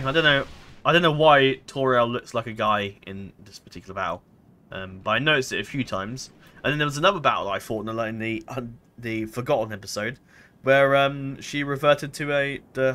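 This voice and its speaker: A man's voice: mid-range voice, sharp tone. A man giving casual let's-play commentary, rambling and hesitant, full of fillers and self-corrections. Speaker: gameplay commentator.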